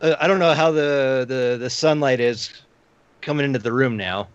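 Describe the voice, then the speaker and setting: A man's voice: mid-range voice, normal speed, clean tone, dry recording. Male player, hesitant and stammering, dry and muffled recording. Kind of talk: casual tabletop game play.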